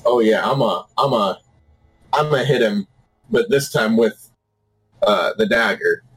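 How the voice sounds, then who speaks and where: A man's voice: on the low side, a little slow, fairly bright tone, slightly rough, rough recording. A man casually playing a tabletop game over voice chat, throwing in playful sound effects.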